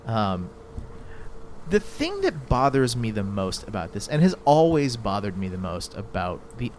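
An exasperated man hosts a casual talk show, his voice swinging widely in pitch and leaping up high when something strikes him as absurd. Faint noise hums under the recording. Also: darkish tone. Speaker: podcast host. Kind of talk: casual chat.

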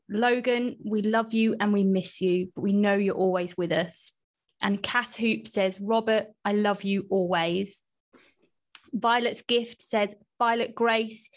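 A young woman, co-hosting a casual podcast at an everyday middle pitch. She reads listener messages aloud in a gentle, steady way and chats warmly between them, with the odd swear word. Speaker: podcast co-host.

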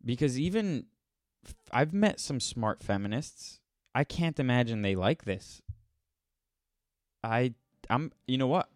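A man's voice: mid-range voice, lively intonation, measured pace, long pauses, no echo, studio quality. A man hosting a podcast, reacting to a clip with incredulous, sarcastic ranting. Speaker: podcast host. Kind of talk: casual reaction commentary.

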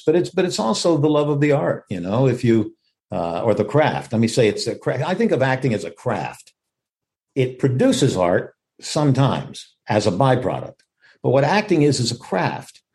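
Gravelly older man musing on his craft. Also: medium pitch, very animated, normal speed, a little mellow. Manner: reflective, emphatic, acts out quoted lines. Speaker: actor and interview guest. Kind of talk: conversational interview.

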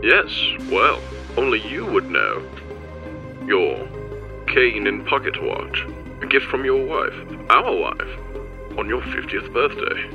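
A man game master voicing the calm, knowing double of an older professor, speaking over a phone with solemn warnings. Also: medium pitch, takes it slowly, creaky, exaggerated voice. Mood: ominous. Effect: voice heard over a telephone. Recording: dull lo-fi sound with music behind.

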